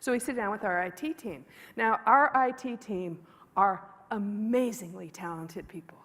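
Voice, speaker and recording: A woman's voice: mid-range voice, normal speed, a bit bright. A woman giving a conference keynote, telling work stories in a candid, joking, conversational way on a stage microphone. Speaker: keynote speaker. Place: large conference hall. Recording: long hall reverb from stage.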